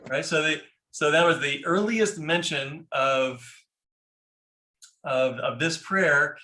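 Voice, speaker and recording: A man's voice: on the high side, takes it slowly, pushed and bright, echoey room, a little hiss or hum. A man teaching a class on a prayer book, explaining step by step and often checking in with "right?". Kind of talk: informal class lecture.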